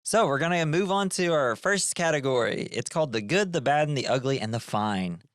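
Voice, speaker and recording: A man's voice: a little high, animated, a little fast, no echo, clean studio sound. A man co-hosting a movie podcast, chatting casually in a laid-back, joking way. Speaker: podcast co-host. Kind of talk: casual chat.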